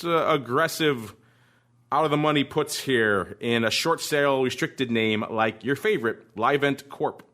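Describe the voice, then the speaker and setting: A man hosting a podcast, giving casual, jokey, rambling market commentary in an animated way. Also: medium pitch. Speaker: podcast host.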